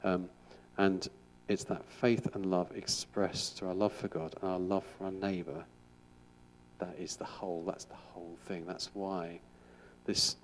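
A man's voice: sits low, a little hiss or hum. A middle-aged man, a school chaplain, giving an informal sermon in a chatty, rambling way with frequent restarts.

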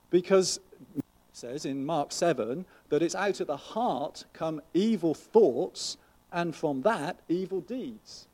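A man delivers a sermon in an earnest, conversational way, often turning to the listeners with rhetorical questions. His voice sits a little high, yet it sounds warm and mellow rather than bright. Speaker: pastor.

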